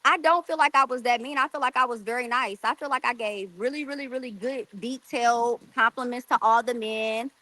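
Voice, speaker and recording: A woman's voice: a little high, a little fast, few pauses, bright, forceful tone, dry recording, low-quality recording. Sassy woman on a live chat. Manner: sassy, defensive. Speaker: podcast guest, rapper. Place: outdoors by a pool.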